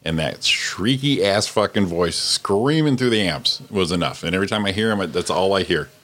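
Deep voiced guy cohosting a morning show, blunt and crude, little bit of music behind. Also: normal speed, a bit bright. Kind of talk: casual radio banter.

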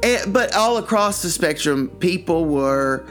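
An older man co-hosting a podcast, telling stories in a rambling, animated way with many restarts. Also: high-pitched, measured pace, soft background music. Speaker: podcast co-host. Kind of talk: casual chat.

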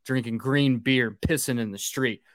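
A man's voice: medium pitch, steady tone, normal speed, no echo, clean studio sound. A man hosting a casual podcast, swearing freely and getting drunk as he talks. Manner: profane, rowdy and joking. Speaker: podcast host.

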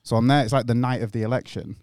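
Young English man, quick-talking podcast guest, laughs through his stories, very dry close sound. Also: mid-range voice, fairly even intonation, a little mellow, no room sound. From England. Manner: rambling storyteller, laughs often, swears freely. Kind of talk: casual podcast chat. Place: podcast studio.

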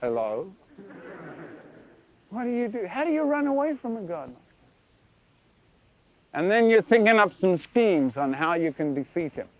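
A man preaching a sermon in an animated, playful way, with sound effects, in a lo-fi recording. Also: high voice, normal speed, pauses often.

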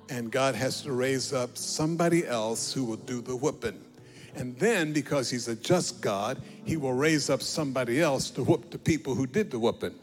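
A man preaching a sermon, swinging between loud declarations and low asides as he retells scripture with acted dialogue.

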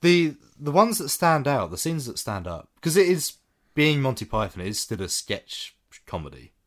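A man casually chatting about a film as a podcast co-host, enthusiastic, his phrases trailing off low. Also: big pitch swings, normal speed.

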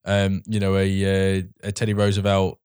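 A man in casual film chat, halting and restarting, then riffing enthusiastically. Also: low voice, monotone, a little mellow, clear, resonant tone, no echo, clean studio sound.

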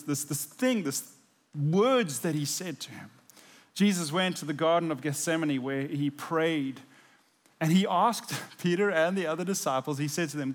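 A male pastor preaching a sermon, animated and emphatic, often laughing. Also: high-pitched, big-room sound.

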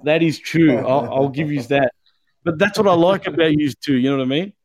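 A man's voice: on the high side, a little fast, darkish tone. A man hosting a podcast in casual chat, rambling and swearing, with frequent "you know what I mean". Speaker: podcast host.

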